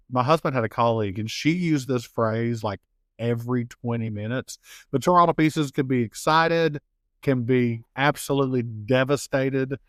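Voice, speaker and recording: A man with a warm Appalachian accent talks in a relaxed interview, spinning animated stories and slipping into the voices of people he quotes. He laughs easily between points. The sound is close and dry, with no room around it. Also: mid-range voice, no echo. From Appalachian United States. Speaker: author and guest. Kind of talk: casual interview conversation.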